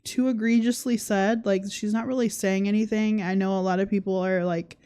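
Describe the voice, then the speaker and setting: Mellow-voiced woman, sarcastic livestream host. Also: medium pitch, fairly even intonation, brisk, smooth. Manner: sarcastic, laughs often while talking; reads viewer comments aloud. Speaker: podcast host. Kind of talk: casual livestream commentary.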